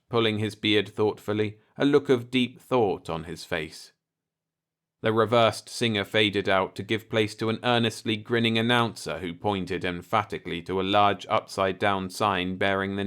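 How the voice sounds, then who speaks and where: A man reading a short science fiction story aloud in a calm, measured audiobook narration. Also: deep voice, clear, resonant tone.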